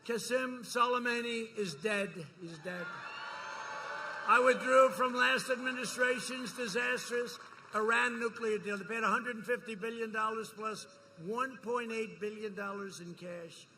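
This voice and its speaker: A man's voice: very high voice, a little slow, pushed and bright, a little hiss or hum. A man giving a campaign rally speech, boastful and repetitive, rousing the crowd. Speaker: politician speaking at a campaign rally.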